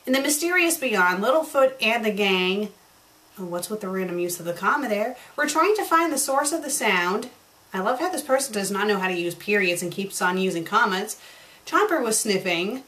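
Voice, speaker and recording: A woman's voice: medium pitch, animated, moderate pace, sharp tone. A woman reviewing fan fiction, reading passages aloud and breaking in with sarcastic, exasperated commentary.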